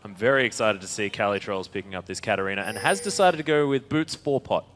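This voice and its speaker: Excitable male esports play-by-play caster. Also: lowish voice. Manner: lively, excitable play-by-play with quick reactions. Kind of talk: esports commentary.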